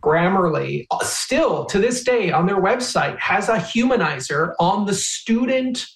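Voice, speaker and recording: An academic speaking in a thoughtful, halting way during an interview clip. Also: male voice, high-pitched, lively intonation, echoey room, low-quality recording. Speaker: professor.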